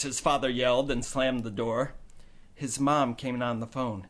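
A man narrating a storybook in an expressive storytelling manner. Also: mid-range voice, moderate pace. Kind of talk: scripted audiobook narration.

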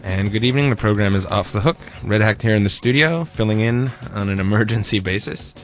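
A man hosting a live radio talk show, introducing guests in a relaxed, offhand way. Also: lowish voice, a little fast, music in the background.

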